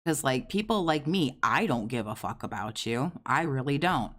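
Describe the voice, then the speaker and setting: A man's voice: medium pitch, lively intonation, moderate pace, fairly bright tone. A man hosting a reaction commentary, sarcastic and profane as he mocks a streamer. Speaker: commentary host.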